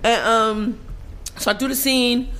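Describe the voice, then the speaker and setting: A woman guest on a casual interview show, telling a story in a profane, animated way with frequent laughter. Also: a little high, unhurried. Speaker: podcast guest.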